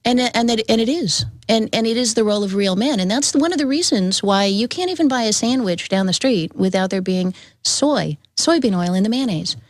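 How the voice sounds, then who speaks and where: A woman's voice: fairly high pitch, animated, fairly quick, few pauses, dry recording. A woman guest on a talk show, speaking earnestly and firmly, with admiring praise for the host.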